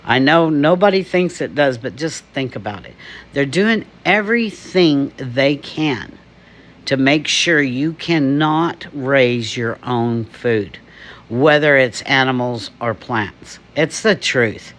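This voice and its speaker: A man's voice: mid-range voice, slow, fairly bright tone. A man from the United States ranting emphatically to camera, laughing often. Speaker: vlogger. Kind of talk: opinion rant to camera.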